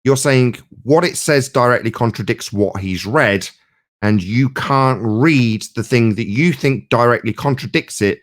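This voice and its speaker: Mocking, combative man. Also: mid-range voice. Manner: mocking, combative, slow emphatic stresses. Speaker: debate participant. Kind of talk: live call-in debate.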